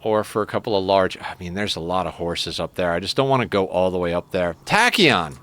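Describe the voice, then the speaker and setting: A man's voice: low voice, quick pace. A man streaming a game, chatting casually and joking with his viewers. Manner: chatty, joking, talks to chat and his cat. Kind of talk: casual live-stream chat while playing.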